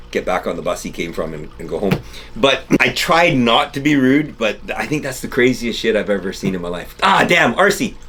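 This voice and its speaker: Chatty middle-aged man, low voice. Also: slightly rough. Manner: rambling, animated storytelling with restarts. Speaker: channel host. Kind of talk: casual chat to camera. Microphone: camera-mounted mic, no lapel.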